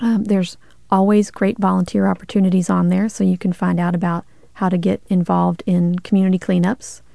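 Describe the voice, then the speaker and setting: A woman's voice: fairly low pitch, flat delivery, a little fast, creaky, mellow, dry recording, clean studio sound. A woman guest on a radio show, a nonprofit director speaking earnestly with some hesitant fillers. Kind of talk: radio interview.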